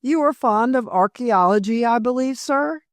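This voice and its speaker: A woman's voice: a little high, moderate pace, dry recording, voice pushed up, lightly acted. A woman voicing a polite, friendly young male barrister in her near-normal reading voice. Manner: courteous and friendly.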